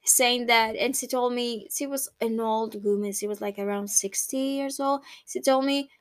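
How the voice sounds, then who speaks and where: A woman's voice: fairly high pitch, fairly even intonation, moderate pace, few pauses, no echo. A young woman hosting a reflective personal monologue, candid and emotional, swearing casually. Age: young adult. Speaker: podcast host.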